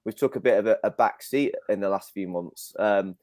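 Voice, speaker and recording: Low-voiced host on a call. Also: male voice, moderate pace, darkish tone, no echo. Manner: hesitant, affectionate, full of "brother" and "mate". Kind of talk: casual video call chat. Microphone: video call.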